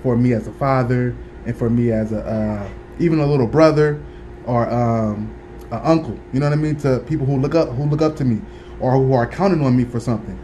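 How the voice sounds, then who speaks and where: A man's voice: medium pitch, brisk, warm tone, a little hiss or hum. A man in his thirties at home, talking casually to camera in a book review, with laid-back slang and lots of fillers and restarts.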